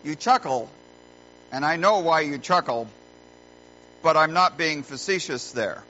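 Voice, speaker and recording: A middle-aged man preaching a sermon as a pastor, earnest and folksy, telling stories with deliberate pauses, recorded in a church. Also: fairly high pitch, animated, pushed and bright. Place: church sanctuary. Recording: muffled lo-fi recording with faint hum.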